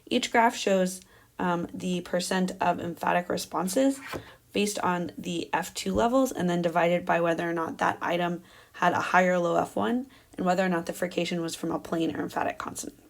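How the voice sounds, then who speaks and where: A woman's voice: fairly low pitch, steady tone, moderate pace, vocal fry. A young adult woman giving an academic research presentation, explaining carefully with frequent fillers. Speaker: doctoral candidate presenting research.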